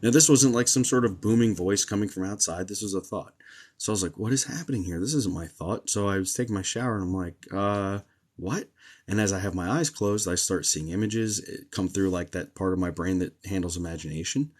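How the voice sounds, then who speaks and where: Low-voiced man chatting on a live stream. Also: a little fast. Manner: chatty, relaxed, many ums and uhs. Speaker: psychic medium hosting a live stream. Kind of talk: casual live-stream chat and storytelling.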